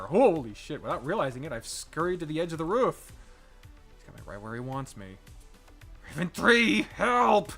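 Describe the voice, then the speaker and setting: A man reads a story game aloud in the first person on a live stream, dramatic one moment and cracking jokes with curses the next. His voice sits at an ordinary pitch but sounds bright and forceful. Soft music plays faintly behind him. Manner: dramatic reading broken up by swearing and jokes. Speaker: streamer playing a narrative game.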